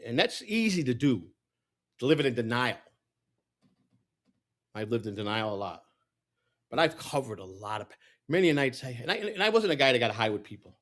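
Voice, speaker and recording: A man's voice: medium pitch, very animated, normal speed, long pauses, fairly bright tone. A middle-aged man telling personal stories in a candid, rambling way, acting out the voices of people he quotes. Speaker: political candidate. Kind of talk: casual storytelling monologue.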